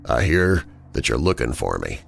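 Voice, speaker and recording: A male narrator voicing a sinister man who speaks in a smooth, slow, condescending voice. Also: very animated, heavily acted. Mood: smooth menace. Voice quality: smooth, deep, soft-spoken. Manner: slow, silky and patronizing.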